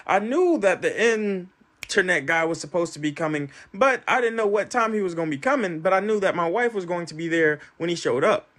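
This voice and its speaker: Man, casual storyteller, swooping animated pitch, acts out every quote. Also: a little fast.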